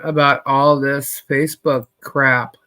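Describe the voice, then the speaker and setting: Woman livestream host, slow easygoing delivery, chatty, laughs a lot, slightly worn voice. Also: extremely low pitch, flat delivery, fairly bright tone. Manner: greets viewers by name, laughs often. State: losing her voice. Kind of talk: casual livestream chat.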